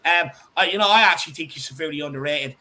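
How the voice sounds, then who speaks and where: An Irish man hosting a casual fan chat, excitable, swearing freely and reading out viewer comments. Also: fairly high pitch, racing. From Ireland. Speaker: podcast host.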